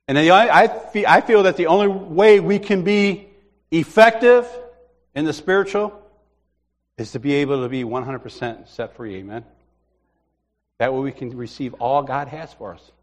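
A man preaching a sermon, telling a comic personal story, acting out other people's voices and laughing often. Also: fairly high pitch.

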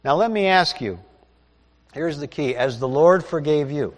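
A man's voice: on the high side, expressive, a little slow. A man preaching a sermon, reading scripture aloud and explaining it in a conversational way. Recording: long hall reverb.

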